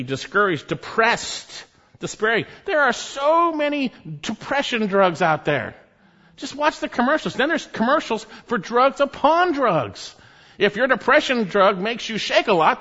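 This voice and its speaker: A man preaching a sermon, emphatic, rising to loud exhortations and dropping to low, quiet stresses. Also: dull audio.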